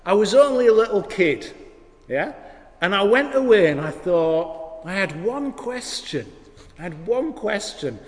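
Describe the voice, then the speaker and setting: A man preaching as a vicar, with wry storytelling and sudden drops to hushed emphasis. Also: high voice, sing-song, unhurried. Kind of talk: sermon. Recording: long hall reverb.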